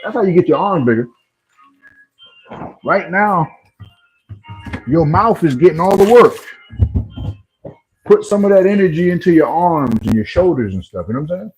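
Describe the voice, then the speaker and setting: A man's voice: fairly high pitch, brisk, faint music behind, poor audio. A man hosting a casual livestream, bantering with viewers in a playful, teasing way. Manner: playful trash talk, animated. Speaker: livestream host. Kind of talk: casual live chat with viewers.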